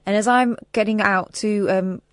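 A woman's voice: medium pitch, fairly even intonation, normal speed, no room sound, clean studio sound. A woman co-presenting a radio show, chatting and telling an everyday story with indignation. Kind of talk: casual radio chat.

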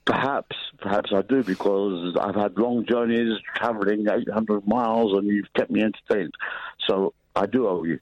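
A man's voice: lowish voice, moderate pace. A male caller on a radio phone-in, insistent and aggrieved, pressing to be heard. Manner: insistent, aggrieved, keeps asking to talk. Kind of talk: phone-in call. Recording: muffled phone line.

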